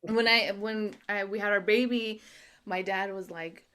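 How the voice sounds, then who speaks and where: A young woman performing a stand-up set over a video call, delivering punchlines deadpan and laughing at her own jokes. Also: medium pitch, unhurried, clear, resonant tone. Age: young adult. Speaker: stand-up comedian. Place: home.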